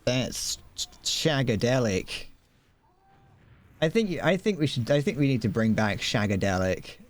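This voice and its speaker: A young British man chats loosely with his viewers as he plays, wandering from thought to thought. His voice sits at an ordinary middle pitch, and he hums little tunes under his breath between remarks. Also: sing-song, fairly quick. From Britain. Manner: rambling, playful, hums to himself while playing. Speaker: streamer. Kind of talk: casual gaming stream chat.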